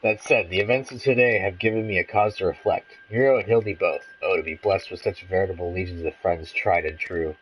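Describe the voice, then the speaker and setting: A man's voice: fairly quick, hardly any pauses, slight background noise, close to an everyday voice, low-quality recording. Man doing a grandiose boastful warrior. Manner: grandiose, old-fashioned phrasing, swings high and low. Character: boastful theatrical male warrior calling for his lost companion.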